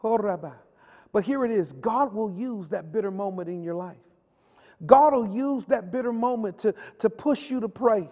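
A man's voice: high-pitched, lively intonation, normal speed, warm tone. A male pastor preaching a sermon with a repetitive, call-and-response delivery. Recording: long hall reverb.

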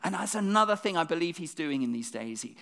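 A preacher talks to the congregation in a brisk, conversational sermon. The voice sits mid-range and keeps throwing out rhetorical questions. Words often come twice as thoughts restart. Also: mid-range voice, lively intonation, fairly bright tone. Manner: repeats words when restarting.

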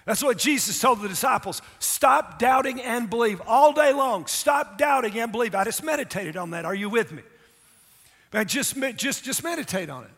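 A man's voice: extremely high pitch, animated, moderate pace, a bit bright. A middle-aged man preaching a sermon as pastor, emphatic and calling out to the congregation for responses. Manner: emphatic, calls for audience response. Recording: long hall reverb.

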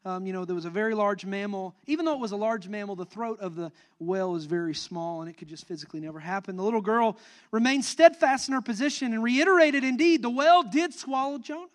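A young adult man preaching a sermon as pastor, animated and building to emphatic, near-shouted peaks. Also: sits high, fast talker.

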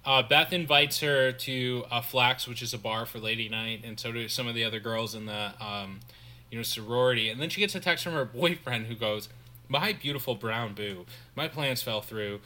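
A man's voice: mid-range voice, a little fast, bright, forceful tone. A man co-hosting a podcast, casually recapping a film scene by scene. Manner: recaps scenes, quoting lines in put-on voices. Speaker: podcast co-host. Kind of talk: casual movie recap chat.

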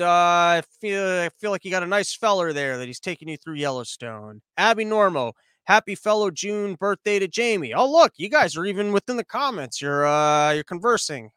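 A man hosting a casual stream, reading viewer comments aloud and answering them with halting asides. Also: sits high, a bit bright, smooth, no echo, studio quality. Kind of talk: casual livestream chat. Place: small room with bright light.

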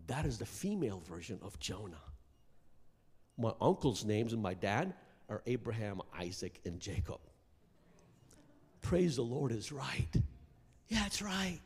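A middle-aged man from Iraq preaches his testimony in a big church sanctuary, his voice carrying a long reverb through the hall. He speaks at a middle pitch for a man and climbs into passionate, near-shouted peaks when the story swells. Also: husky. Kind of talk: sermon testimony.

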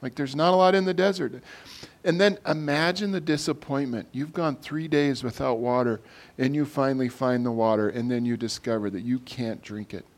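A man's voice: medium pitch, normal speed. A man preaching a casual sermon to a congregation, talking in a loose, conversational way full of fillers and restarts.

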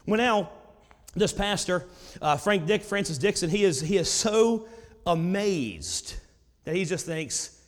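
A man preaching a sermon with a high voice, telling a story casually and then driving his points home with emphatic exclamations. His voice carries a long reverb, as in a church sanctuary. He sounds like a preacher in full storytelling flow. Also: lively intonation, slow pace.

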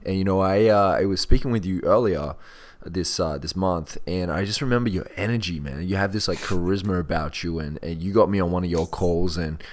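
A man hosting a podcast, with a friendly, energetic manner, often calling his guest "mate" or "man". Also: deep voice, brisk. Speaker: podcast host. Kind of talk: casual interview.

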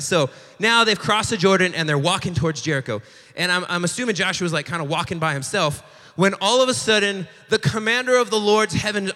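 A young man with a bright, slightly high voice gives a casual sermon. He acts out every quote in a lively, joking way. His words ring out with a long echo through a large hall. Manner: animated storyteller acting out quotes, joking asides. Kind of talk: casual sermon retelling a Bible story.

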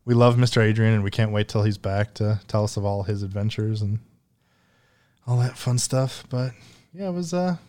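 A man's voice: fairly low pitch, normal speed, a little mellow. A man hosting a casual gaming podcast, joking and theatrical, often laughing. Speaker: podcast host. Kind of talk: casual chat.

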